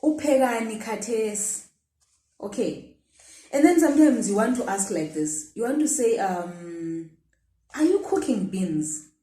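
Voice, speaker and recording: A woman's voice: mid-range voice, very animated, a little slow, warm tone. A woman teaching a language lesson, patiently repeating phrases and modelling the question intonation. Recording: echoey room.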